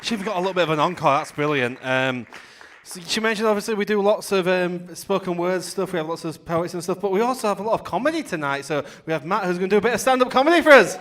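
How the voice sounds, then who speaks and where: A man's voice: sits high, expressive, fast talker, a bit bright. A man hosting an open mic night, introducing the next act in an upbeat way. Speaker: host. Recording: crowd and noise from a distance.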